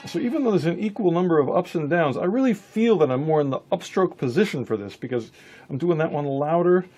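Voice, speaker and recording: Relaxed man teaching guitar. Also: fairly high pitch, brisk. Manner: relaxed, thinking aloud with restarts. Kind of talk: casual instructional talk.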